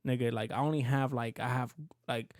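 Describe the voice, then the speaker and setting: A man's voice: mid-range voice, fairly even intonation, fairly quick, no room sound, clean studio sound. A man in casual podcast chat, rambling and profane, restarting his sentences as he tells a story. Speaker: podcast co-host.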